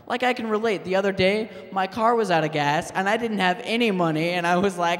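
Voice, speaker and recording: A man doing a stand-up set, halting and deadpan, with fillers and restarts. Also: high voice. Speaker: stand-up comedian. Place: public access TV studio stage. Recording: long hall reverb.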